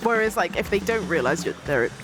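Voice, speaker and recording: Lively co-presenter thinking out loud. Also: medium pitch, a little fast. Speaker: event stream co-presenter. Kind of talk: casual game commentary. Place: game event booth. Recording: game music playing behind. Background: game music.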